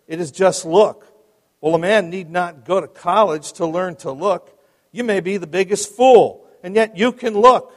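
A man's voice: high-pitched, unhurried, long reverb tail, pitched above the performer's own voice. A man voicing a plain, uneducated lay preacher with an Essex accent, exhorting a small chapel with fervent repetition. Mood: earnest. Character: uneducated working-class male lay preacher, pleading.

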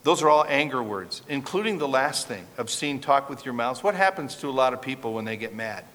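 A pastor delivering a sermon, preaching earnestly and emphatically and asking the congregation rhetorical questions. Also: male voice, mid-range voice, expressive, fairly quick, a bit bright. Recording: long reverb, faint background ambience.

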